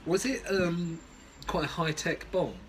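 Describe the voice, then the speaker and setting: A man's voice: fairly high pitch, unhurried, fairly bright tone. A man co-hosting a podcast, giving dry, teasing replies in casual chat. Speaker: podcast co-host. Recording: faint background noise.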